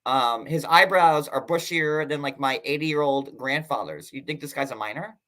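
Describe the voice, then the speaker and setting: A man hosts a casual livestream in a chatty, sarcastic way. His voice is bright and a little sharp, and his talk is full of fillers and quick asides. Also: on the high side. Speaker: host.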